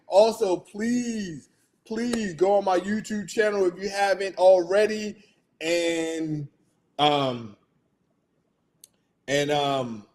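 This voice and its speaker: A man's voice: fairly high pitch, darkish tone. A middle-aged man hosting his own show, signing off in a loose, rambling way, chuckling often, his throat going out. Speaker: podcast host. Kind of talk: casual show sign-off.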